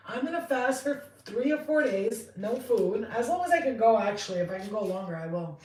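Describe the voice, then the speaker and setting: A woman in her thirties giving a casual tarot reading, chatty and rambling, swearing freely and getting excitable. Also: a little high, a little fast, hardly any pauses, distant mic, a little hiss or hum. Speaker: tarot reader. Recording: roomy, off-mic sound.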